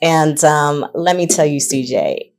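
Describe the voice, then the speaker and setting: A woman's voice: sits low, expressive, measured pace, darkish tone. A woman co-hosting a podcast in casual chat, moved and sometimes choked up as she talks. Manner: emotional, chokes up while speaking. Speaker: podcast co-host.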